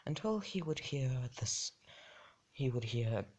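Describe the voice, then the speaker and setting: A man's voice: medium pitch, animated, slow, a little mellow, lo-fi sound. A man improvising a fan story, rambling and correcting himself, often dropping to a half-whisper.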